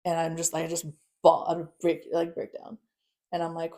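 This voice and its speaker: A woman's voice: sits low, completely flat delivery, moderate pace, dark tone. A young woman telling a personal story casually and bluntly, swearing often. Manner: blunt, frequent swearing, nervous laughs. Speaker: guest.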